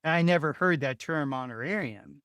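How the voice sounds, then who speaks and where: A man's voice: fairly high pitch, animated, moderate pace, fairly bright tone, clear, resonant tone, no echo, studio quality. A man, a builder guest in an interview, telling a story casually with many restarts and short laughs. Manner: rambling, restarts often, laughs between phrases.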